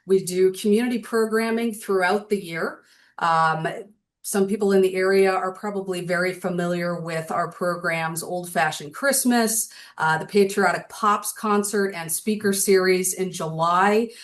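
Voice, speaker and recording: A woman's voice: on the low side, measured pace. A woman on a video call, a nonprofit board member, explaining her group's programs in a friendly, casual way with some fillers.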